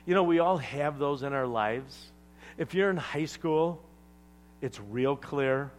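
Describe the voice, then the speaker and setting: A man preaching a sermon to a congregation, swinging between loud emphatic lines and hushed asides, joking with the room. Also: mid-range voice, takes it slowly, soft background music. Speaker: pastor.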